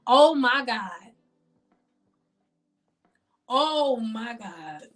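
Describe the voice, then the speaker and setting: A woman hosting a casual hair care live stream, loud and dramatic, swearing and talking straight to her chat. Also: on the high side, lively intonation, extremely slow.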